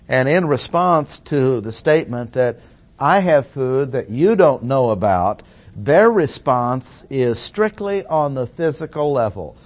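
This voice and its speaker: A man's voice: mid-range voice, lively intonation, a little slow. A man teaching through a Bible passage verse by verse, stressing key words with plain-spoken asides. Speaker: preacher.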